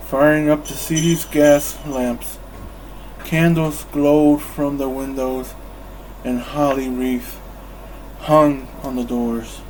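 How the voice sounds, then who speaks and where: A calm man reads a bedtime story at a very slow, unhurried pace. His voice sits at an ordinary pitch, with a faint hiss of background noise. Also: low-quality recording. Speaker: storybook reader.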